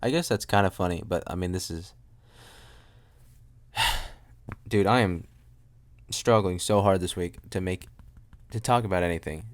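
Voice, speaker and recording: Young man, solo podcast host, low-ish voice, self-mocking humor, rambling delivery. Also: normal speed, long pauses. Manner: joking, self-mocking, trails off and restarts. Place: room at home with a loud air conditioner.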